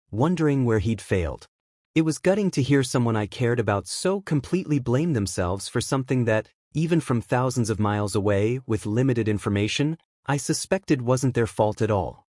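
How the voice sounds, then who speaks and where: A man narrating a first-person story in a measured, reflective way. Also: mid-range voice, darkish tone, no room sound, clean studio sound.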